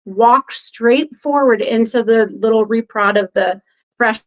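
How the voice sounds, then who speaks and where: A woman with a fairly high voice tells a long story in relaxed conversation. She rambles and fills gaps with ums and you-knows. She brings the people in her story to life by voicing their quoted lines. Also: a little slow, low-quality recording. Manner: animated retelling, acts out others' quoted lines; rambling with frequent fillers. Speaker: podcast guest. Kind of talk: casual storytelling.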